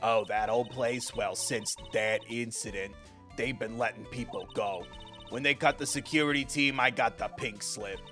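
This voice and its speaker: A man's voice: medium pitch, normal speed, sharp tone, faint music behind, voice pushed down, natural voice. A man voicing a cranky old woman security guard, scolding and grumbling at young people.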